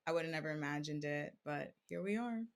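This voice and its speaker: A woman's voice: deep voice, fairly quick. A young adult woman, a podcast guest, telling her story in casual interview talk, full of "like" and acting out what people said. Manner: animated, acts out quoted speech, many fillers like "like". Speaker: podcast guest, crystal seller.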